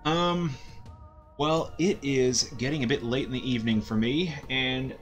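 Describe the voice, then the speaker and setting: A man's voice: medium pitch, a little slow, faint music behind. A man streaming a game live and commenting casually, often stammering and filling gaps with ums and uhs.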